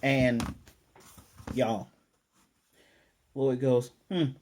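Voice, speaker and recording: Male anime reviewer, relaxed and mellow, animated casual recap. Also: mid-range voice, normal speed. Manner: animated retelling, acting out characters' lines.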